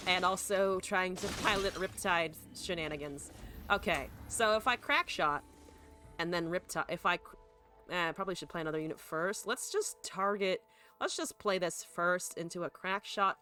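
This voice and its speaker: A woman's voice: on the low side, pushed and bright. A woman streamer thinking aloud through a card game, swearing freely and chatting to her viewers. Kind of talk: live gameplay commentary.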